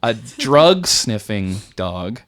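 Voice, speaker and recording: A young man co-hosting a comedy podcast, telling an animated story and acting out other people's lines in casual chat. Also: on the low side, very slow. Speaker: podcast co-host.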